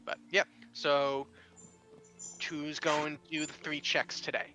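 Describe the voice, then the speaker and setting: A man narrating a tabletop game as game master. He talks in a relaxed, rambling way, full of fillers. His voice is bright and sits a little high, with faint music behind. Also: slow, lo-fi sound.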